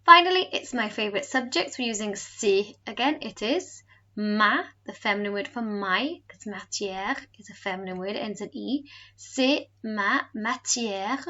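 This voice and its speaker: A woman teacher giving a recorded home lesson, slowly modelling words for pupils to repeat. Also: medium pitch, animated, bright, forceful tone, dull audio. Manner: slow, careful modelling of pronunciation. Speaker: French teacher.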